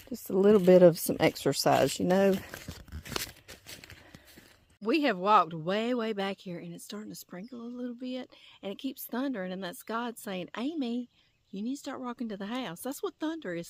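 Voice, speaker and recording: In a dry recording, a middle-aged woman with a medium-pitched voice hosts a casual walking vlog filmed on her phone. She has a Southern accent from Louisiana and chats folksily, laughing often, as she goes from a pasture outdoors to a porch.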